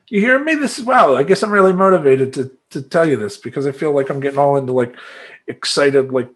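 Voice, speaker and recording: A man talking as a life coach in a motivational monologue, emphatic and animated, chanting affirmations in rhythmic repetition. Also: fairly high pitch, fairly quick.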